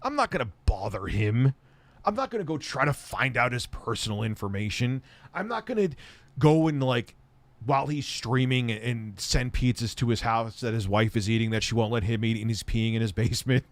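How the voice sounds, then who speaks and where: A man talks off the cuff on a live stream, blunt and rambling, and swears freely when he gets worked up. His pitch is average for a man. The sound is dry and close, with no room echo. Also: lively intonation, moderate pace. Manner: blunt, rambling, heated and profane. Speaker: tech YouTuber answering viewer questions. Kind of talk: casual live-stream chat.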